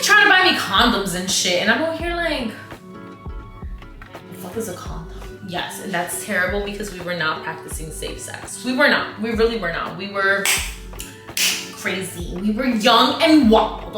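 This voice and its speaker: A woman's voice: fairly high pitch, moderate pace, reverberant, over music. A woman in her twenties, a vlogger telling a story in casual chat, acting out the people she quotes. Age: 20s. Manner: animated, acts out quotes, says like a lot.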